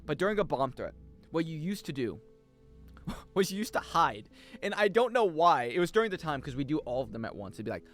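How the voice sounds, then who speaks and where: A man's voice: fairly high pitch, big pitch swings, a little fast, fairly bright tone, faint music behind. A young man, chatting casually on a gaming stream, joking, swearing freely and rambling. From United States.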